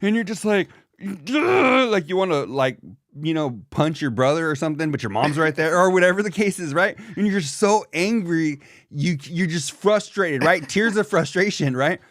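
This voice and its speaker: A man co-hosting a podcast in animated, profane casual chat, calling his friend "dog". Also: a little high, moderate pace, dry recording, clean studio sound. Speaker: podcast co-host.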